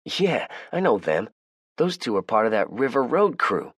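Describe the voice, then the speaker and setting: A man's voice: mid-range voice, big pitch swings, moderate pace, fairly bright tone, breathy edge, no echo, studio quality, pitched above the performer's own voice. A man voicing a wary male gang member who points out and accuses, in an audiobook. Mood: accusing.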